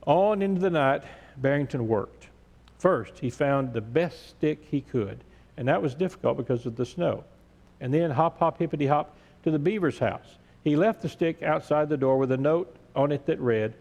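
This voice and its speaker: A male pastor reading a story aloud in a church sermon, gentle and measured. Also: a little high, lively intonation. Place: large church sanctuary. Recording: echoey church sanctuary.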